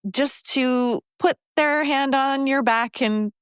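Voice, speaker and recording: A woman's voice: sits high, slow, no room sound, studio quality. A woman hosting a podcast, speaking in an upbeat, encouraging, casual way. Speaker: podcast host. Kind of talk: casual podcast chat and ad read.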